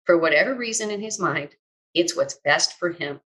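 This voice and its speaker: A woman quoting a kind, upbeat older male mentor in a warm, coaxing, reassuring way. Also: lowish voice, animated, normal speed, low-quality recording. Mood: gentle, soothing.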